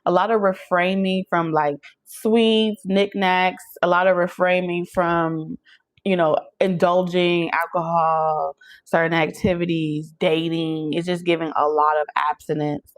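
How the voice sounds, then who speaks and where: A young woman speaks in a fairly low voice, doing a chatty, emphatic channeled tarot reading. She talks straight to her listeners, often pausing to ask "okay?" between points. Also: little pitch movement. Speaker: tarot reader. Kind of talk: channeled tarot reading, casual talk to camera.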